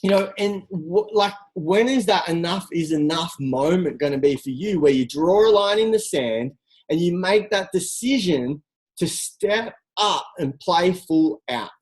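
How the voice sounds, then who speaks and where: A coach giving an energetic, direct motivational talk on a group call, full of rhetorical questions. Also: mid-range voice, unhurried, poor audio. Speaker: team coach.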